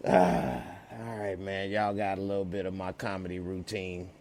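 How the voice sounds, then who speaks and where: A man's voice: sits low, level tone, normal speed, few pauses, darkish tone. A man casually chatting on a live-stream review, using laid-back slang. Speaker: TV show reviewer.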